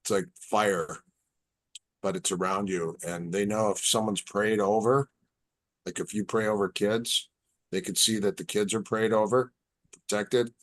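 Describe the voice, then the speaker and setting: A man, a martial arts instructor on a podcast as a guest, telling stories in a casual, animated, halting way. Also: fairly low pitch. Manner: animated, halting, repeats words. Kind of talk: casual storytelling.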